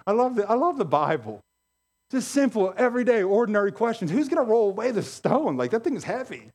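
A male pastor preaching a sermon, animated and emphatic, repeating key phrases for effect. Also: sits high, a little fast.

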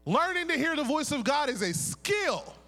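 A middle-aged preacher from Pittsburgh with a very high, bright, ringing voice, giving a lively sermon full of jokes. He keeps calling on the congregation to repeat key words back to him. A long reverb trails his words through the church hall. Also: moderate pace. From Pittsburgh, USA. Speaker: pastor and prophet. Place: church sanctuary.

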